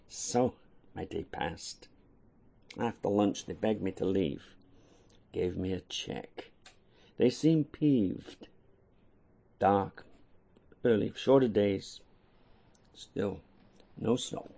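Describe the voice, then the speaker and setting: A man reading his own poems aloud in an unhurried storytelling manner, voicing the dialogue. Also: on the low side, creaky, warm tone. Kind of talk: poetry reading.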